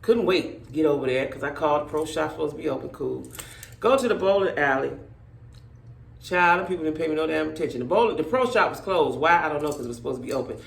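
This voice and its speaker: A middle-aged woman, telling stories to her viewers in a blunt, profane, animated way. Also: deep voice, quick pace, creaky, roomy sound. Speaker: vlogger. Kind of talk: casual storytelling rant to viewers.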